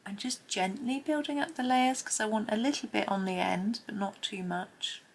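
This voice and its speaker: A middle-aged woman talking softly and chattily through a colouring tutorial, often half-whispering. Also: mid-range voice, normal speed, vocal fry. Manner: soft-spoken, often half-whispering, chatty with small laughs. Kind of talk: casual narrated drawing tutorial.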